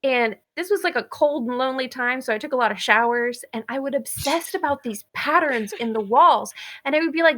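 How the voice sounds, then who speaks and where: A woman's voice: high voice, a little fast, a bit bright. A young woman co-hosting a podcast, chatting candidly and laughing easily as she talks about a story she picked. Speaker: podcast co-host. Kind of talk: casual chat.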